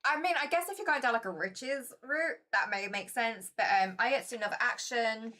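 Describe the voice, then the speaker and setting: A young woman streams her board game play in a chatty, easily excited way. Her voice is bright and sits a bit high, with a playful, giggly lilt. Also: a little fast. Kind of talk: casual live-stream board game playthrough.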